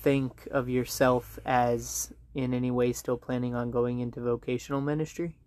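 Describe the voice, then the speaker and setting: A man co-hosting a casual talk, making wry remarks and asking questions. His voice is mid-pitched with a flat, even delivery. It sounds dry and close, with no room around it. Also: normal speed, dry recording. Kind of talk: casual chat.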